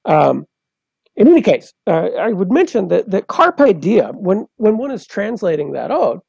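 A man's voice: high voice, very animated, moderate pace, vocal fry, dark tone, husky, dry recording. A man, a poet and translator, explaining things step by step in a professorial way as a guest in an interview. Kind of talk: interview conversation.

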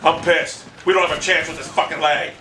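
A man commentating his own shooter game match, ranting, swearing and yelling in frustration. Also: a little high, steady tone, fairly quick, noisy background. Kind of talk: live gameplay commentary. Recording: roomy, distant mic with loud game gunfire.

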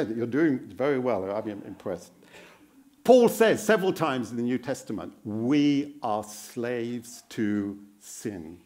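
Man, guest preacher in a church: unhurried, earnest sermon with a lively pitch, quizzing and encouraging the congregation. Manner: repeats phrases for emphasis.

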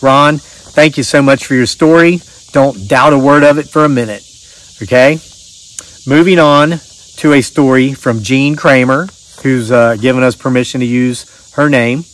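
A man's voice: mid-range voice, moderate pace, fairly bright tone. A middle-aged man hosting his channel, chatting casually in a rambling, folksy way and reading out viewer stories. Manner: rambling, folksy, restarts often. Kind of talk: casual chat and reading aloud.

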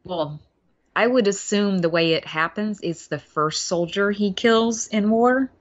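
A woman co-hosting a podcast, chatting casually about a film as an animated storyteller who acts out quotes. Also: mid-range voice, unhurried, lo-fi sound. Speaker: podcast co-host.

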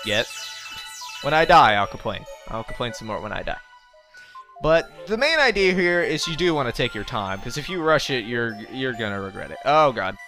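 A man's voice: mid-range voice, sing-song, normal speed, music in the background. A young man rambling through gameplay commentary, joking to himself and yelping in panic at his mistakes. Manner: rambling, jokey, yelps in panic. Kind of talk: let's play commentary.

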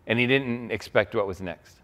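A man, a pastor, preaching a sermon with animated storytelling, acting out quoted lines. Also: on the low side, moderate pace.

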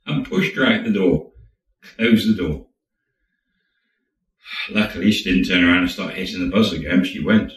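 A man's voice: sits low, normal speed, fairly bright tone, echoey room, recorded from a distance, rough recording. A man casually telling a true story, chatty and acting out quotes as he goes. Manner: chatty, acts out quotes, laughs now and then.

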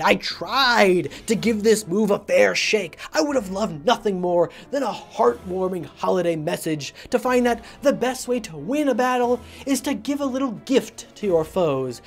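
A woman's voice: mid-range voice, animated, unhurried, few pauses, soft background music. A woman hosting a comedic video essay, delivering her points with theatrical, melodramatic flair. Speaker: video creator.

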